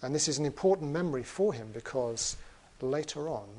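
A man who is a Buddhist teacher, telling a story in a dharma talk in a relaxed way with many pauses and fillers. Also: on the high side.

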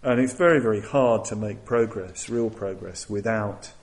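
A man giving a Buddhist dharma talk, thoughtful and hesitant, with many restarts and pauses. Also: fairly low pitch, poor audio. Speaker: Buddhist teacher.

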